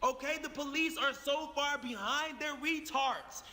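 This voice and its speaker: Young guy ranting his story, high sharp voice, swearing a lot, reverb trailing off. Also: a little slow. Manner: heated, profane, emphatic. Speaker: YouTuber telling his story. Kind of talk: animated storytelling. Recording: long reverb on the voice.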